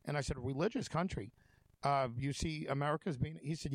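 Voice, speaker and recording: A man's voice: on the high side, a little fast, no room sound. A man hosting a talk show, telling stories in a rambling, conversational way with many fillers and restarts. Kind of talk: casual conversation.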